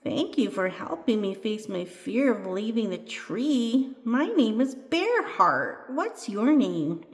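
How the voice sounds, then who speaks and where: A woman voicing a gentle young boy doll who was once afraid, in a storybook reading. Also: on the high side, big pitch swings, slow pace, exaggerated voice. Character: young boy doll, timid turned brave. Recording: echoey room with long reverb.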